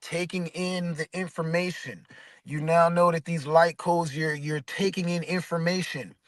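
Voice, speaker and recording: A man's voice: on the high side, fairly even intonation, a little slow, no room sound. A man leading a casual spiritual discussion and guided stretching, laid-back and slangy, swearing casually. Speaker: discussion leader.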